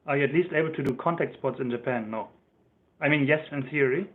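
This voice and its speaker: A German-accented man hosts a casual livestream, rambling from one thought to the next and chuckling as he goes. His voice sits at an ordinary middle pitch. The sound comes through thin and tinny, as if over a phone line. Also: fast. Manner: chatty, rambling, laughs often, reads out chat comments. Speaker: livestream host.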